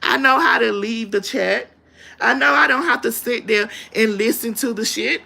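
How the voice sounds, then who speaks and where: Profane ranting woman, high bright voice. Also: normal speed, vocal fry. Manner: profane, confrontational, blunt. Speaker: livestream host. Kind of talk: ranting live-stream commentary.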